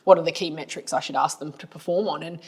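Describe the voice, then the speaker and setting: A woman's voice: sits low, fast talker, darkish tone, husky. An Australian woman co-hosting a business podcast, talking casually as a marketing agency owner with a blunt, colloquial, storytelling manner.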